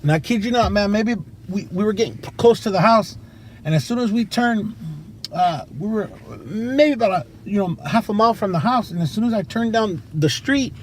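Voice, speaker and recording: Casting: a man with a fairly high voice, loose slangy storyteller, recorded on a tablet outdoors with loud traffic behind him. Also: normal speed. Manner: casual, slangy and profane, with many fillers. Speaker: recovering addict telling his story. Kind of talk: unscripted personal storytelling. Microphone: tablet camera mic. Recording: noisy street and traffic sound.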